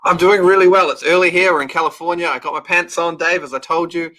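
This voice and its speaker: A man's voice: a little high, fairly even intonation, fast, pushed and bright. A man in his thirties with a New Zealand accent, chatting as an upbeat, joking guest on an interview show. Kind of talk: casual interview chat.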